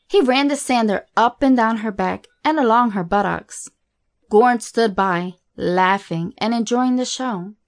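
A woman reading a graphic horror story aloud in a steady, matter-of-fact way. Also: fairly high pitch. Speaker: narrator. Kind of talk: scripted horror story narration.

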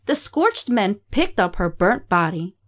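A woman reading a graphic horror story aloud in a steady, matter-of-fact way. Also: mid-range voice, unhurried. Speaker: narrator. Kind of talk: scripted horror story narration.

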